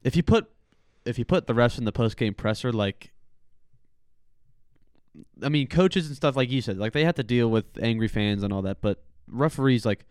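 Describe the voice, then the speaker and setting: Young guy co-hosting a sports podcast, rambly, smooth clear voice, dry sound. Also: medium pitch, animated, normal speed, a little mellow, dry recording. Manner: loose, rambling, lots of fillers. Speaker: podcast co-host. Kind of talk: casual sports chat.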